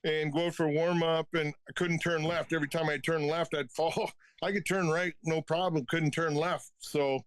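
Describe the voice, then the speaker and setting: A man's voice: fairly high pitch, fairly even intonation, moderate pace, no room sound. A man in his fifties, a retired hockey enforcer, telling stories as a podcast guest with plenty of swearing and laughter. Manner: profane, laughing anecdotes. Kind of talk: casual storytelling.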